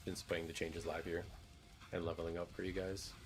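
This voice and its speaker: A man's voice: deep voice, level tone, moderate pace, soft background music. A man casually chatting over his gameplay as a streamer, laid-back and rambling, swearing now and then. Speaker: gaming streamer.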